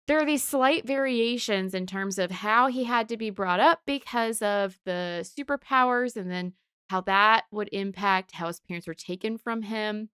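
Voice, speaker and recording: Woman podcast co-host, analytical and reflective, smooth clear voice, dry close sound. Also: mid-range voice, normal speed, fairly bright tone, no room sound. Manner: thoughtful, analytical, with restarts. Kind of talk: casual discussion of comics and psychology.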